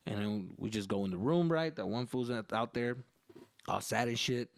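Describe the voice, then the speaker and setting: A young man hosts his podcast, spinning a comedic story in a loose, profane, animated way. His voice sits in an everyday middle pitch. He sounds close and dry, with no room echo. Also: moderate pace. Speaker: podcast host.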